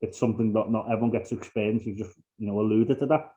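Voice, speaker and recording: A man's voice: lowish voice, fairly even intonation, fast, background noise. Man, podcast host, casual, hesitant, repeats words, dull lo-fi recording. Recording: dull lo-fi sound.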